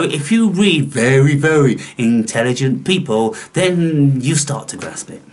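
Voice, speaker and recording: Belligerent, swearing man preaching to viewers. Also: on the high side. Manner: belligerent, profane, lecturing; scornful, rhetorical questions. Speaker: spiritual channel host.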